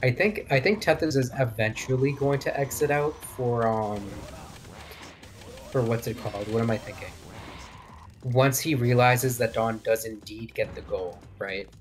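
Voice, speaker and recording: A man's voice: medium pitch, unhurried, slight background noise. A man giving live commentary on a speedrun match, thinking aloud and often checking with his co-host for agreement.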